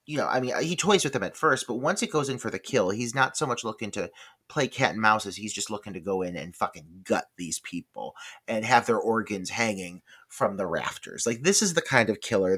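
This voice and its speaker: A man's voice: fairly low pitch, bright, forceful tone. A man co-hosting a film podcast, talking casually and swearing freely. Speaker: podcast co-host.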